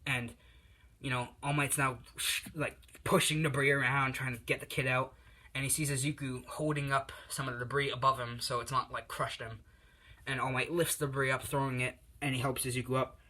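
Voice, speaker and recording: A man's voice: medium pitch, flat delivery, fairly quick, bright, forceful tone. A man casually telling a fan story, rambling with lots of fillers and restarts.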